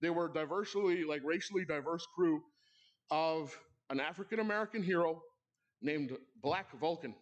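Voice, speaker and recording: A man's voice: a little high, moderate pace, muffled recording. A man hosting an awards ceremony, telling a comic story with playful asides to the audience at a live event. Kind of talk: comedic storytelling monologue. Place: live event in a club hall.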